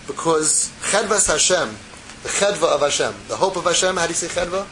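High-voiced man teaching a text class. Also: fairly quick, sharp tone, a little hiss or hum, poor audio. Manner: reads Hebrew text then explains it in casual English, quizzing students. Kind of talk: text study class, reading and translating.

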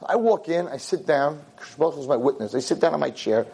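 A man's voice: lively intonation, a little fast, creaky, dark tone, breathy edge. A middle-aged man, a rabbi, telling a story to a convention audience, acting out the dialogue and mixing in Yiddish and Hebrew words. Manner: acts out dialogue with big pitch jumps, sprinkles Yiddish and Hebrew words. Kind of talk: animated storytelling talk.

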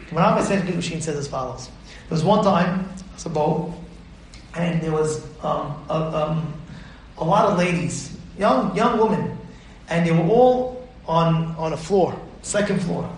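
Fiery, high-voiced rabbi in an echoey room. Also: male voice, normal speed, slight background noise. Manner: fiery, bursts into shouts, acts out stories. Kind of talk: sermon on the weekly Torah portion.

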